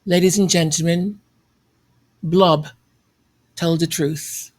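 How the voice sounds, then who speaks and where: A male commentary host reacting sarcastically to news clips, mocking and drawn-out, often laughing. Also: fairly high pitch, dry recording.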